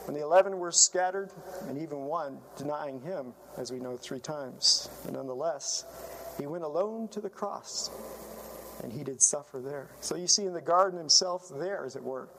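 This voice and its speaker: Man, preacher, sermon, earnest, emphatic, high-pitched, crisp bright tone, faint background noise. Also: moderate pace, poor audio.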